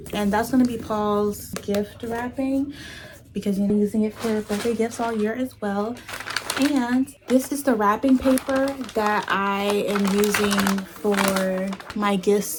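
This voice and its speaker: A young woman chatting casually to her phone camera as a vlogger, self-teasing and sometimes dropping to a hush. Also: mid-range voice, background noise. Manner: chatty and self-teasing, drifting to hushed tones. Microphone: phone front camera.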